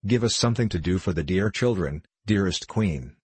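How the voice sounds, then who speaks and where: Two eager young fairy ladies of a storybook court, warm-hearted and willing to help, in a low, husky voice, as a man reads them. The voice sits close in a dry room. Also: animated, moderate pace, no echo, heavily acted. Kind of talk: storybook reading.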